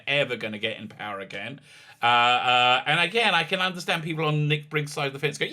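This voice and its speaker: A man who is a rabbi, arguing politics in a halting way with many restarts, often rising into emphatic challenges. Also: medium pitch, bright, forceful tone. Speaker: rabbi and online commentator. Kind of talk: argumentative political commentary.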